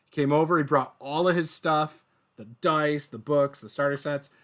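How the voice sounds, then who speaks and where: A man hosting a gaming interview show, telling stories in an excitable, rambling way. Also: fairly high pitch, moderate pace. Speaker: podcast host. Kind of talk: casual interview chat.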